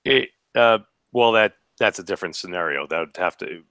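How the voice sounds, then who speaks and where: A man's voice: low-pitched, normal speed, dry recording, clean studio sound. A man rambling animatedly as a panelist on an online video call. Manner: rambling, animated, says frickin'. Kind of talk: casual banter in an online hangout.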